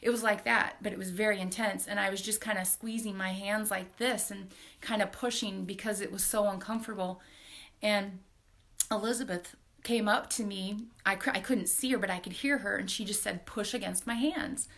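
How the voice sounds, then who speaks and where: A woman in her forties hosting a live stream, telling a personal story in a heartfelt, halting way with soft laughs. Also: medium pitch, fairly even intonation. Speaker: host.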